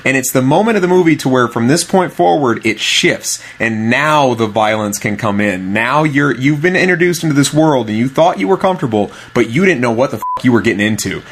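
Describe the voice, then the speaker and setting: A man's voice: mid-range voice, expressive, brisk, hardly any pauses, fairly bright tone, slightly rough. A man co-hosting a podcast, explaining his view of a film with earnest emphasis in casual talk. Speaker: podcast co-host.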